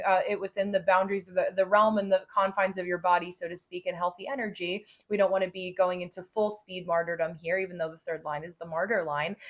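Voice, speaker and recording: A young woman hosting a relaxed astrology explainer. She talks in a loose, chatty way with lots of "like" and "right?", and slips into little acted voices when she quotes people. Her pitch sits in the middle of the usual range. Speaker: astrology and Human Design host. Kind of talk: casual spoken explainer.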